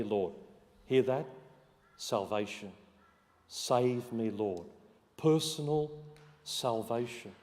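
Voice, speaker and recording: A man, a parish priest giving a homily, telling stories and dropping to soft hushed emphasis. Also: medium pitch. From Australia. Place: church. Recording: long church reverb.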